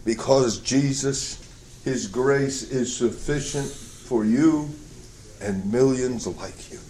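A man's voice: medium pitch, slow, dark tone, a little hiss or hum. A male preacher delivering a sermon, telling a story with emphatic, storytelling delivery. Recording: echoey church hall.

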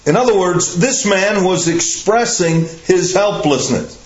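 A man preaching a sermon in a slow, emphatic way, putting questions to his listeners. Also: sits high. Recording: echoey room, slightly dull sound.

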